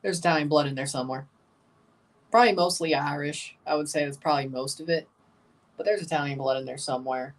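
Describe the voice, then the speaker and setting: A man hosting a live sports watchalong, talking in a loose, rambling way and repeating his points. His voice sits slightly high. He is a little off the mic, so it sounds somewhat distant. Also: fast. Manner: rambling, repeats himself, chuckles. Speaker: livestream watchalong host. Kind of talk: casual live reaction chat.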